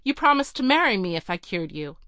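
A woman's voice: mid-range voice, big pitch swings, brisk, bright, forceful tone, no echo. A woman reading a storybook voicing a poor but proud male glass blower who speaks earnestly. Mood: pleading.

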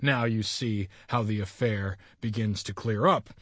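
A man's voice: on the low side, measured pace, no room sound, studio quality. A man reading the part of a brash, self-assured police inspector, assertive and a little condescending.

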